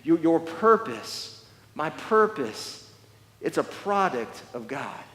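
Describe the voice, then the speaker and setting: A man's voice: on the high side, sing-song, slow pace, a bit bright. A man preaching a sermon as pastor, emphatic, often repeating words and restarting phrases. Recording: long echoey church hall reverb.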